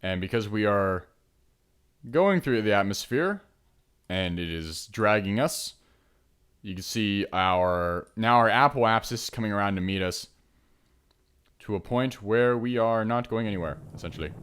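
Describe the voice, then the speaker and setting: A young man casually commenting on his own gameplay, chatty, trailing into mumbles and then breaking into excited shouts. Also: fairly low pitch, a little slow, pauses often, clear, resonant tone. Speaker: let's play host. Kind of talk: game commentary.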